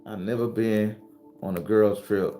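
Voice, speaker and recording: A man streaming live, talking bluntly with plenty of cursing and calling out viewers by name. His voice is dark and mellow, with faint music playing underneath. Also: lowish voice, unhurried. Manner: blunt, profane, animated, greets viewers by name. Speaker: host. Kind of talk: casual live-stream talk.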